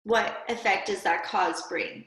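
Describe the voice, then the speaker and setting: A woman teacher giving a recorded reading and spelling lesson to children, speaking clearly and patiently and asking them to pause and answer aloud. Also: mid-range voice, fairly bright tone. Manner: slow, clear, patient classroom delivery with prompts to pause. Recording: echoey room.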